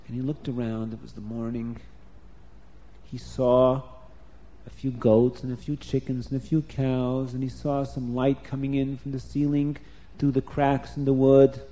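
A man telling a story to children, animated and stopping to explain words. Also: medium pitch.

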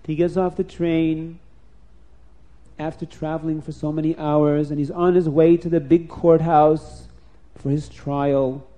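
A man telling a story aloud, acting out the characters' lines with lively shifts in pitch. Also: unhurried. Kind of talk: spoken storytelling.

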